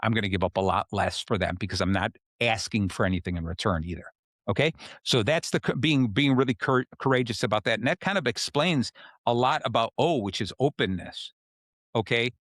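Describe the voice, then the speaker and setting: A man's voice: on the low side, expressive, brisk, a bit bright, no echo, studio quality. A man hosting a self-help podcast, explaining ideas in a casual way and often checking in with "okay?". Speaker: podcast host.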